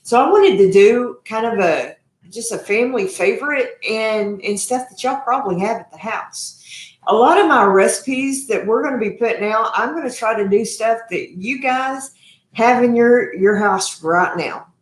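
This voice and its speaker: A woman's voice: on the high side, lively intonation, normal speed, reverberant. A woman hosting a live cooking stream from her home kitchen, chatty and effusive, calling her viewers y'all. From Texas. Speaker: cooking show host.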